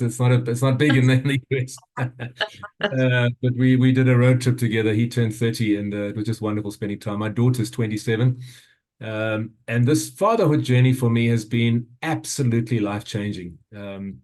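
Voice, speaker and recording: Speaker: South African man in his fifties, earnest storytelling talk, hesitant with repeated restarts, mid-pitched voice. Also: a little mellow. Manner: earnest, halting, many restarts and fillers. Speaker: summit speaker.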